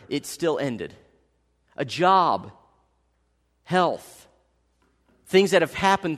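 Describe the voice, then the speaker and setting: A man preaching a sermon as pastor, telling stories with big swings from loud, excited bursts to hushed, solemn passages. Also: a little high. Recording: long hall reverb.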